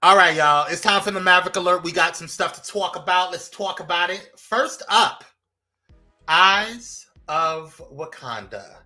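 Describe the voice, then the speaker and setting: A young man co-hosting a casual live podcast, energetic and loose with fillers and laughs. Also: high voice, unhurried. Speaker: co-host.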